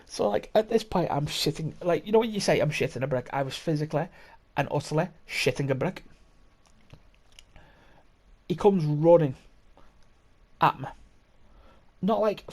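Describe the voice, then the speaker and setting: A young man's slightly high, mellow voice leads a podcast as he tells a story in relaxed chat. It's rambling and sweary, with lots of laughs and repeated restarts.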